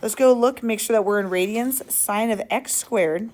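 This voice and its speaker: A woman's voice: a little high, moderate pace, darkish tone. A woman teacher leading a classroom lesson, upbeat and playful, asking the class questions as she works through problems.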